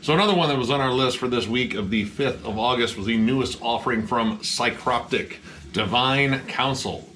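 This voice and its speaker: A man casually reviewing a metal album with excited energy, swearing often and filling his talk with "like". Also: mid-range voice, a little hiss or hum. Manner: excited, swears a lot, many "like" fillers.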